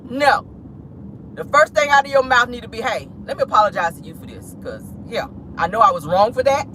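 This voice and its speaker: Woman vlogger, loud and expressive pitch, sassy live chat from her car, clear road noise. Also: low-quality recording. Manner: animated, sassy, dramatic, talks straight to viewers. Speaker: vlog host. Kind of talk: casual live-stream chat. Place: parked car.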